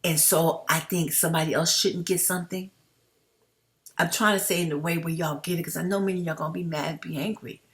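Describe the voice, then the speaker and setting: A woman's voice: fairly low pitch, steady tone, brisk. Impassioned woman vlogging to her viewers. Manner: impassioned, addresses viewers as family. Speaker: YouTube commentator. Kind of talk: direct-to-camera commentary vlog.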